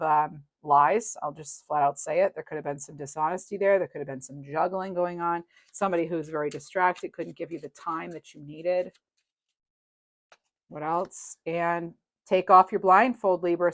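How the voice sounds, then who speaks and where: A woman's voice: on the low side, no echo. A woman doing a casual, chatty tarot reading to her viewers, reassuring and rambling with fillers. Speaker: tarot reader.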